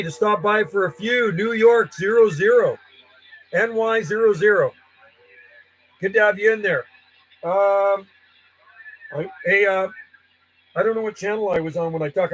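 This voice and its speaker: Man, radio hobbyist, higher voice, easygoing rambling on-air chat. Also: normal speed, long pauses, slight background noise, poor audio. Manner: rambling and friendly, chatting to callers while logging contacts. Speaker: ham radio operator.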